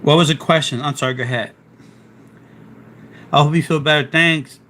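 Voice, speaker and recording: A man from South Philly with a Philadelphia accent, rambling casually through a live stream. His voice sits a little high and comes across bright and pushy. He is getting over a sore throat. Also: fairly even intonation, moderate pace. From South Philadelphia, USA. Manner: chatty, rambling, restarts often. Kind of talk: casual live stream, reading chat aloud and explaining.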